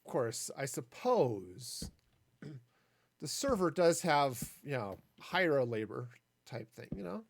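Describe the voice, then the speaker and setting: Male streamer, loose, wandering commentary, lively pitch, dry close sound. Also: takes it slowly, vocal fry, no echo. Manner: rambling, jokey asides. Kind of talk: casual gameplay commentary.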